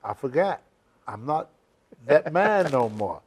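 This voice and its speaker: A man's voice: mid-range voice, big pitch swings, slow pace, breathy edge. An older man, a senior citizen, telling emphatic, rambling stories with loose grammar as an interview guest. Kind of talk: shoot interview storytelling.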